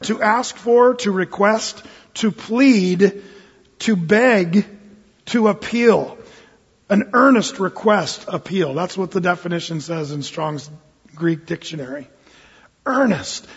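A man's voice: sits high, expressive, measured pace, husky. A man preaching a sermon as pastor, earnest and emphatic, often asking his listeners questions. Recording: dull sound with long hall reverb.

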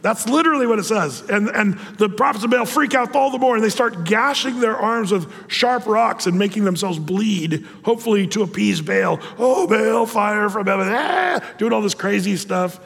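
A man preaching with animated scorn against false teaching, acting out the people he quotes. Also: high-pitched, normal speed, gravelly, few pauses, breathy edge, big-room sound. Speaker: pastor.

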